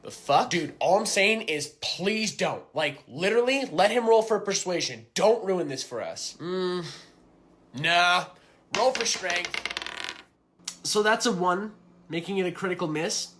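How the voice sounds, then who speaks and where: A man performing comedy sketches, sarcastic and animated. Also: high-pitched, measured pace.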